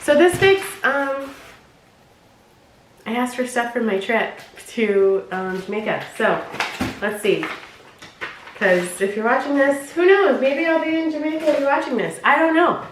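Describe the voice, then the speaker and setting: A woman's voice: high-pitched, lively intonation, measured pace, pauses often, roomy sound, noisy background. Bubbly woman with a stuffy nose. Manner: bubbly, giggly, rambling. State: stuffy, nasal from allergies. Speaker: vlogger reviewing a clothing box. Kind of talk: casual chatty unboxing.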